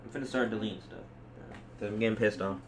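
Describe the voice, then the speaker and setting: A man's voice: lowish voice, fairly even intonation, fast. A young man hosting a livestream, chatting casually on a call in slangy, teasing talk. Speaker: livestream host. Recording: clear background noise.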